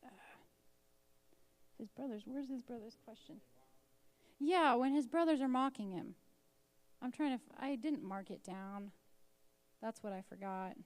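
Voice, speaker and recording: A woman's voice: a little high, unhurried, pauses often. A woman teaching an informal Bible lesson in a conversational way, reading scripture aloud and dramatizing the quotes.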